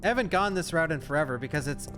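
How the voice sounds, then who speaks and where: A male streamer giving live gameplay commentary, excitable and chatty with his viewers. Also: on the high side, racing. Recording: game music behind voice.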